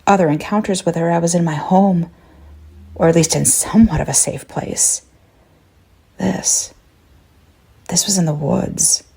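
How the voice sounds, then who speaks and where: A woman reads a first-person horror story in a tense, measured delivery. Her voice sits low and dark, with a gravelly fry and a husky grain.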